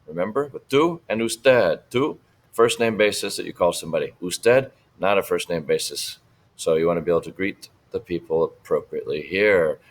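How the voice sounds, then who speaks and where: A deep-voiced man teaches Spanish in a relaxed screen-share walkthrough. He explains each step plainly and keeps checking in with a quick "right?".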